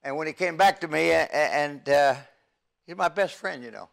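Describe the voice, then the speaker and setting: An older man and youth evangelist giving an earnest, halting testimony from the pulpit, with frequent stammers and restarts. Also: fairly high pitch, gravelly, fairly bright tone. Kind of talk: testimony sermon.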